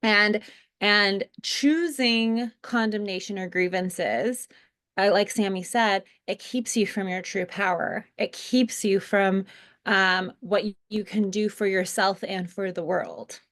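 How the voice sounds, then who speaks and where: A woman's voice: medium pitch, takes it slowly, fairly bright tone. A woman co-hosting a spiritual lesson, talking earnestly in a casual way with fillers and restarts. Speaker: co-host teaching a spiritual lesson. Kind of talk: casual spoken teaching.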